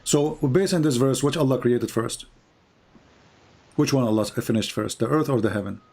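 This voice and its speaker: A man hosting a live-streamed religious debate, pressing his caller with repeated questions and cutting in, his voice going hoarse. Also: medium pitch, moderate pace, mellow. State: losing his voice. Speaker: debate host.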